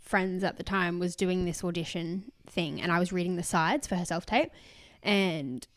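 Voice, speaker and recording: A woman in her twenties co-hosting a podcast, telling stories in a relaxed, easygoing way. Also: fairly low pitch, normal speed, no room sound. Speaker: podcast co-host. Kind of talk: casual chat.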